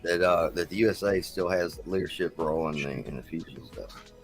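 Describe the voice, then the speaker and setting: A man's voice: low voice, brisk, faint music behind. A man on as a guest in a casual chat, who tells rambling, easygoing stories and likes doing accents.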